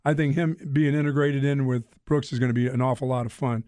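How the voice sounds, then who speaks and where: A man's voice: mid-range voice, fairly even intonation, quick pace, a little mellow, dry recording. A man co-hosting a casual sports talk show, opinionated and bantering. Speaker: sports radio co-host.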